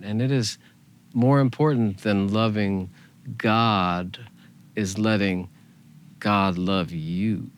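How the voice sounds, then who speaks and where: A man teaching a spiritual meditation in a gentle, unhurried way, softly repeating phrases. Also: lowish voice, steady tone, clear, resonant tone.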